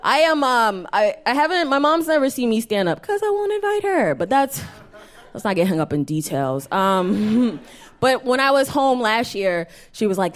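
A young adult woman performing a live stand-up set in a small venue, animated and self-mocking, often laughing at her own jokes. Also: medium pitch, normal speed. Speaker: stand-up comedian.

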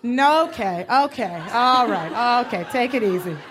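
A woman with a fairly high voice jokes around in loose comic banter. She is blunt and crude, and she keeps the talk rolling as a podcast co-host. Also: lively intonation, measured pace, a bit bright. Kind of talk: casual comedic banter.

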